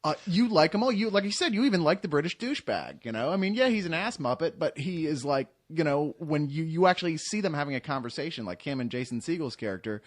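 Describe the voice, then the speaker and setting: A man co-hosting a casual film review podcast, an animated storyteller with wry asides. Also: fairly high pitch, quick pace, few pauses.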